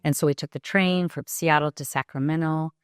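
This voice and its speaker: A woman in her sixties, a podcast guest, telling a personal story in a halting, reflective way with pauses and restarts. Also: sits low, steady tone, clear, resonant tone, dry recording, studio quality.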